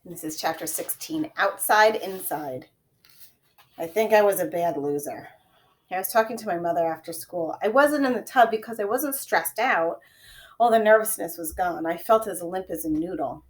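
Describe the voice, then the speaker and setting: A woman reading a children's chapter book aloud in a gentle storytelling manner, dropping to quiet whispers at times. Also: on the low side, normal speed. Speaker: reader.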